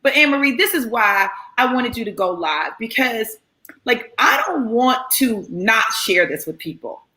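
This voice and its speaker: A high, bright-voiced woman talks with eager, emphatic energy, repeating words to drive her point home. Her voice rings in an echoey room, as on a casual live stream. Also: a little slow. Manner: excitable, emphatic, repeats "listen". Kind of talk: excited casual chat.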